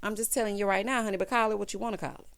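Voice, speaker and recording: A woman giving a sassy, animated recap of a TV episode, calling listeners honey and child. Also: medium pitch, very fast. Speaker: TV recap host. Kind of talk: casual recap commentary.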